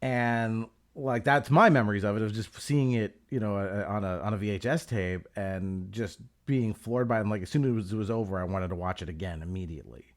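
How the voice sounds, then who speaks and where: A man's voice: lowish voice, a little fast, hardly any pauses. A middle-aged man hosting a podcast, talking in a reflective, enthusiastic way with a lot of "like" fillers. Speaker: podcast host. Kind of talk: casual chat.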